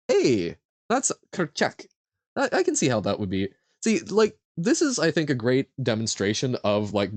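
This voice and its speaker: Animated man sounding out words. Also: fairly low pitch, no room sound. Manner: sounds out foreign words slowly, guessing aloud and laughing at himself. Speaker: streamer. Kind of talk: casual live-stream chat while playing a vocabulary quiz.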